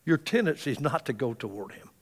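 A male pastor preaching a sermon in a church, swinging between loud exclamations and hushed asides. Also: mid-range voice, very animated, fast. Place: church sanctuary. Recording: reverberant church hall.

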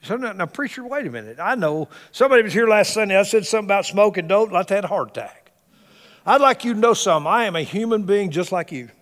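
A male pastor preaching a sermon in a church, swinging between loud exclamations and hushed asides. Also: high voice, expressive, fast talker. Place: church sanctuary. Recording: reverberant church hall.

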